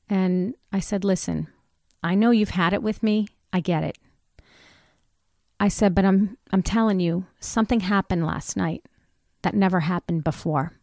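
A woman's voice: lowish voice, no echo, studio quality. Candid woman telling her story. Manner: candid, animated retelling with voiced quotes. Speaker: guest. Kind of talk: personal storytelling in conversation.

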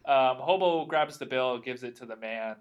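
A man co-hosts a podcast in relaxed, casual conversation. He recaps a TV episode scene by scene in an easygoing way, with a medium-pitched voice. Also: moderate pace, clear, resonant tone, dull audio. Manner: laid-back, recapping with chuckles. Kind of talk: casual chat.

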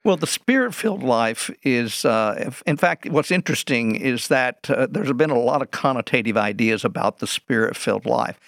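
A man's voice: medium pitch, expressive, normal speed, creaky, hardly any pauses, a bit bright, dry recording, studio quality. A man, a Bible teacher, explaining scripture in an interview, posing rhetorical questions and answering them.

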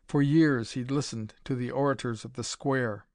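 A man's voice: mid-range voice, fairly even intonation, moderate pace, a little mellow, no echo. A man narrating a dramatic pulp adventure story, reading it aloud in a dry recording.

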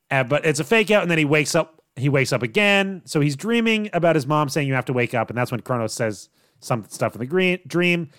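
A man co-hosting a casual podcast, recapping plot in a relaxed way and laughing often. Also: a little high, moderate pace, dry recording, studio quality. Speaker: podcast co-host. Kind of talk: casual chat recapping a TV show.

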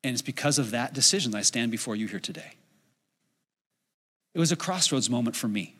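A middle-aged man preaching a sermon as a pastor, telling a story in an animated way and acting out his own inner voice. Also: medium pitch, a little fast, breathy edge. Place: church sanctuary. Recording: long hall reverb.

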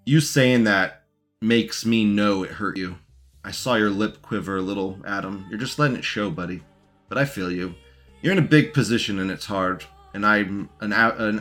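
A man's voice: fairly low pitch, fairly bright tone. A man giving casual, mocking commentary as he reacts to a recorded debate and talks back to it.

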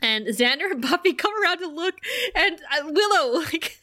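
A woman's voice: sits high, lively intonation, normal speed, pushed and bright. A young adult woman co-hosting a podcast, casually recapping a TV episode, laughing often and acting out quoted lines. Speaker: podcast co-host.

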